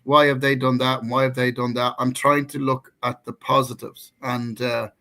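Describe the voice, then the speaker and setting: A man's voice: mid-range voice, little pitch movement, normal speed, pushed and bright. A middle-aged man with an Irish accent, co-hosting a casual talk show and telling a personal story with many restarts and fillers. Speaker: co-host.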